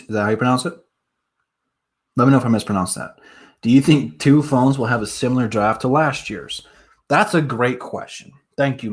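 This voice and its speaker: A man's voice: mid-range voice, slightly rough. A young man from the Detroit area hosting a casual sports live stream, talking straight to viewers in a hyped way with lots of fillers.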